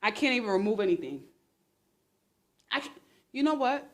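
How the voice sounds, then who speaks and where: A woman hosting a casual livestream on her phone, talking in a sarcastic, exclamatory and animated way. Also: fairly high pitch, normal speed. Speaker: livestream host.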